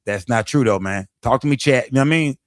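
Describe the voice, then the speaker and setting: A man doing casual livestream commentary, profane and animated, firing off rhetorical questions to his chat. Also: medium pitch, fast, dry recording.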